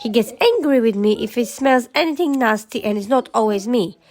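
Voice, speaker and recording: Woman doing a quick defensive smelly dwarf. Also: fairly high pitch, animated, a little mellow, natural voice. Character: smelly sheepish male dwarf.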